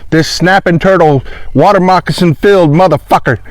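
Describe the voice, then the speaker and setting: A man's voice: sits high, animated, unhurried, no room sound. A man delivering an angry, profane rant outdoors, repeating insults at his listeners. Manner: furious, swearing, repeating insults. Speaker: online commentator. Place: outdoors in a pond.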